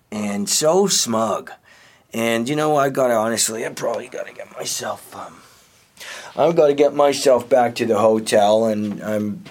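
A man's voice: medium pitch, slight background noise, lightly acted. An actor playing a defensive, flustered male weatherman who stammers, restarts his sentences and sounds indignant in a comedic audio drama. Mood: rattled. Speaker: accused man confronting a podcaster.

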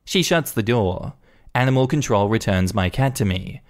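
A man reading a first-person Reddit story aloud in an animated, indignant storytelling manner. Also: fairly low pitch, moderate pace. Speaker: story narrator.

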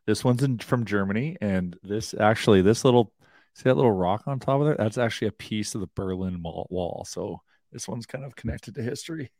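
A man with a low voice co-hosts a hockey talk show from his home basement. He rambles loosely, full of fillers and restarts. The sound is dry, with no room echo. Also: a little fast, darkish tone. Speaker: co-host, hockey analyst. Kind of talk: casual sports talk show. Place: home basement, door closed.

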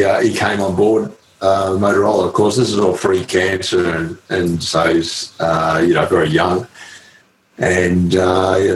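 A man with a notably low voice tells an old story in an interview, halting and full of ums and salty slang. He sounds like a former pro cyclist reminiscing. The room gives a roomy echo, with a faint ambient hum behind him. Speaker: retired pro cyclist, guest.

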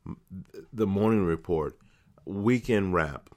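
Slow and low-pitched, with a slightly mellow quality, this male podcast host gives a political monologue. His tone is indignant and forceful, and he piles up rhetorical questions and repeated words to drive his point home.

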